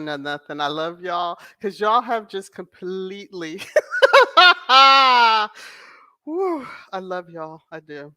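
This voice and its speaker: A woman's voice: on the low side, fairly bright tone, no room sound. A woman hosting a casual livestream, chatting affectionately with viewers and breaking into laughter often. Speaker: host of a royal-news channel.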